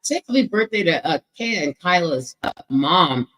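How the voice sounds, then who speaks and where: A middle-aged woman hosting a casual livestream, loudly greeting viewers by name and swearing freely, speaking. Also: lowish voice, lively intonation, moderate pace, rough recording. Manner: loud, playful, shouts out chat names, swears freely. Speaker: livestream host. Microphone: microphone with echo.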